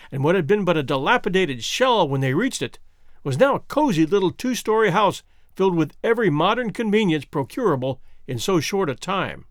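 A man narrating a classic novel as an audiobook in a measured, expressive reading. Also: sits high, dry recording, clean studio sound.

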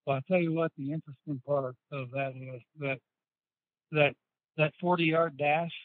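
A man's voice: on the high side, fairly even intonation, normal speed, no echo. Man telling stories over a tinny line. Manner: rambling anecdotes with many restarts and quoted dialogue. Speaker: interview guest, former football player. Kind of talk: casual storytelling interview. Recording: dry tinny phone-like sound.

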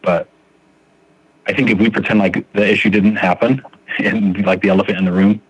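A man's voice: lowish voice, steady tone, normal speed, husky, no room sound, dull audio. A man sharing his recovery story on a podcast, speaking earnestly and restarting his sentences often as he thinks aloud. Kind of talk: reflective recovery podcast talk.

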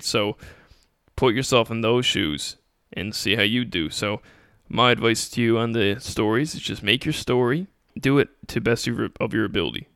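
Bright-voiced young man hosting a podcast. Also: mid-range voice, clear, resonant tone, dry recording, studio quality. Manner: casual, motivational, acts out mocking critics in quotes. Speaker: podcast host. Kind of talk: solo Q&A podcast talk.

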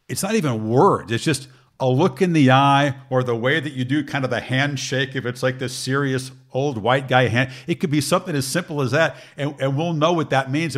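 A middle-aged man chatting casually as a guest, telling anecdotes in an animated way and laughing easily. His voice sits in an ordinary middle register. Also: mid-range voice. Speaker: sports broadcaster guest. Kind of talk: casual chat, storytelling.

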